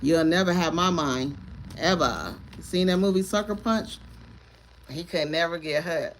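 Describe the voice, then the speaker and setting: Woman, tarot reader, casual live stream, rambling and emphatic, repeats words, lower-pitched, faint background noise. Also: unhurried.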